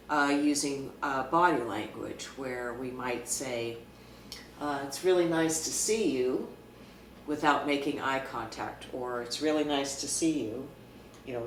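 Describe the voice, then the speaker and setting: A woman working as a clinical social worker, calmly explaining a social skill to camera with frequent fillers. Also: a bass voice, a little hiss or hum. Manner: calm, measured, with frequent fillers. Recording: echoey room, mic at a distance.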